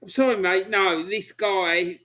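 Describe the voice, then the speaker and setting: High, bright-voiced man on a video call; fuming, emphatic fan rant. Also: fairly even intonation, unhurried. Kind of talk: heated football fan rant.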